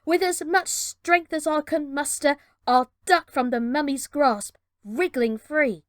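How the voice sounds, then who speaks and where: A woman reading a children's adventure storybook aloud with measured, dramatic narration. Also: sits high, no room sound, studio quality.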